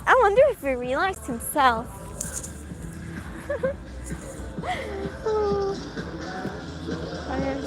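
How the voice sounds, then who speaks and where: A woman's voice: high voice, low-quality recording. A woman, chatting casually and giggling as she reads out live comments while walking outdoors at night. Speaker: livestreamer. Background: music from a passing car.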